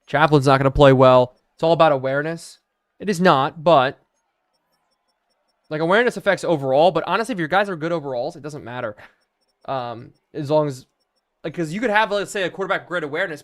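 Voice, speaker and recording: A man's voice: a little high, a little fast. A young man live-streaming a video game, chatting to viewers and thinking aloud as he plays.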